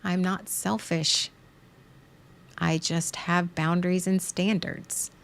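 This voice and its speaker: A woman's voice: lowish voice, flat delivery, slow pace, creaky. A woman hosting a podcast, talking through a frank, emotional monologue that rambles, restarts and repeats words as she goes. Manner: frank and emotional, swearing at times. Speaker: podcast host.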